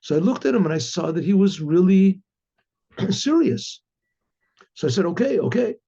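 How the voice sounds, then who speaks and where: A rabbi telling a story, animated and full of quoted voices, who often clears his throat and restarts his words. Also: high voice, moderate pace. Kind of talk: storytelling talk. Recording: dull lo-fi recording.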